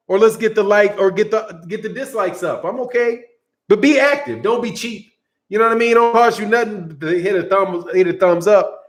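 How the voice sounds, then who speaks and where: A man's voice: high-pitched, a bit bright. A man hosting a boxing channel, chatting casually and joking with his live-stream viewers, loose and playful. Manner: loose, joking, talks straight to chat, frequent laughs. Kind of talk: casual live-stream commentary reading chat.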